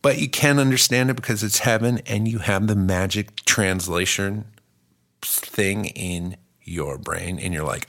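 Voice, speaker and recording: A man performing a rambling stand-up comedy bit, acting out little voices and swinging from mumbles to shouts. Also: on the low side, a little slow, vocal fry.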